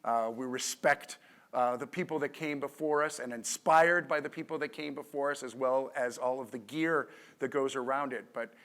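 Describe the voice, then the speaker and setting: A man acting as MC who introduces the speaker on an expo stage, enthusiastic and halting with restarts. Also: medium pitch, steady tone, fairly bright tone. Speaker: MC of the presentation room. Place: expo stage before an audience.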